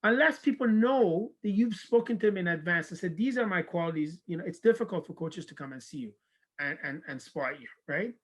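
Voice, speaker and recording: A man's voice: high-pitched, brisk, poor audio. A man who coaches university soccer, talking in a casual video-call interview and telling stories animatedly, acting out the people he quotes. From Canada. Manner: animated storyteller, acts out quoted dialogue.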